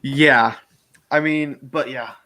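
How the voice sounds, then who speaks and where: A young man, chatting casually about fan films, laughing often and slipping into quick impressions. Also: medium pitch, steady tone, pushed and bright. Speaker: fan-film actor and co-host. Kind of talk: casual chat.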